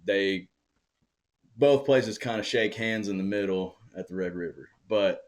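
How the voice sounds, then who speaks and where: Young man, Oklahoma drawl, very low voice, easygoing musician guest, fillers everywhere. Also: unhurried. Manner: laid-back, many fillers like "you know" and "um". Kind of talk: casual interview chat.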